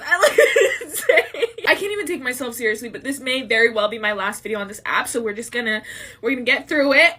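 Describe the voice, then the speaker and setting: A woman with a high, bright, ringing voice records a tearful farewell to her followers. She is crying, laughing through the tears and repeating her words as the emotion spills over. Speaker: social media creator.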